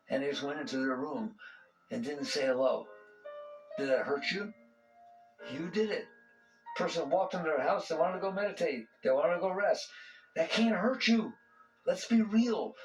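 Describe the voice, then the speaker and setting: A man's voice: fairly high pitch, poor audio. A man giving a conversational spiritual talk to an audience. He asks rhetorical questions and often chuckles. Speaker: spiritual teacher.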